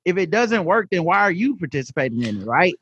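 Male co-host, high voice, emphatic, argumentative, dull lo-fi mic. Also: very animated, fast talker, fairly bright tone, slightly rough, no echo. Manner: emphatic, argumentative, swears freely. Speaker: podcast co-host. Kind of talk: casual political chat.

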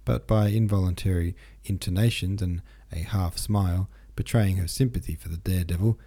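A man narrating a classic novel in a low, husky voice with a dark, mellow tone. His reading is steady and unhurried, with the occasional small slip corrected on the spot. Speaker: audiobook narrator. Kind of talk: scripted narration.

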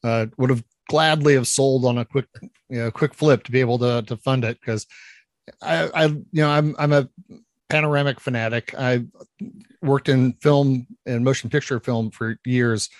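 A man's voice: mid-range voice, steady tone, moderate pace, no room sound. A man joining a podcast as a guest, speaking with enthusiasm and stumbling over repeated words as he starts each thought. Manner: stammering restarts, enthusiastic. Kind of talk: casual podcast chat.

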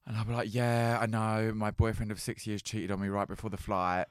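A young man from Britain co-hosting a casual chat, talking loosely with lots of fillers and quick laughs. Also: lowish voice, little pitch movement, clear, resonant tone, no echo, clean studio sound. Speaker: podcast co-host.

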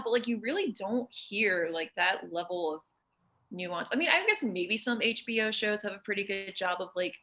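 A woman's voice: mid-range voice, animated, moderate pace, pushed and bright. A woman guesting on a podcast, talking casually with many "like"s and easy giggles. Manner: chatty, lots of "like", giggly.

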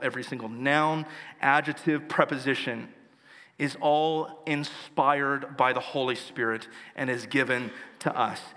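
A man's voice: medium pitch, sharp tone, long reverb tail. A male pastor preaching a sermon, earnest and emphatic, building his points through lists.

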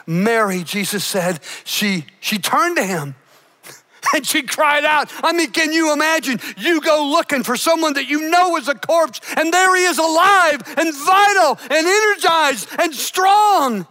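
A man preaching a sermon, retelling a story with dramatic shouted emphasis, playful asides and quiet, earnest stretches. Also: extremely high pitch, expressive, a little slow. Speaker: pastor.

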